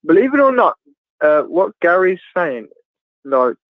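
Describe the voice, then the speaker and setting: A man's voice: high voice, sing-song, dry recording. A man bantering crudely on a livestream, laughing at his own jokes and stopping for ums and restarts. His voice comes through a tinny, phone-like video call line. The sound is dry, with no room around it. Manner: crude joking, laughs often, halting with fillers. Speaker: guest on a livestream chat. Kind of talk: casual banter.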